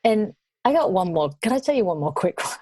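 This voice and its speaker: A woman guest on a podcast, telling travel stories in casual conversation, animated and laughing now and then. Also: mid-range voice, brisk, no echo.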